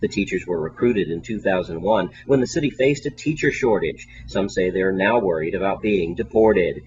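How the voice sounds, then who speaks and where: A man reading scripted news as anchor in a steady, formal manner. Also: low-pitched, muffled recording.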